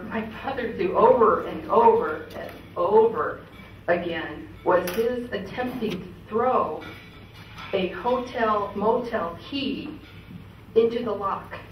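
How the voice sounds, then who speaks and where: A woman telling family stories at a memorial gathering, chatty and laughing, with many fillers. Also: medium pitch. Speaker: memorial speaker. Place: event hall. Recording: echoey hall, distant mic, ambient noise.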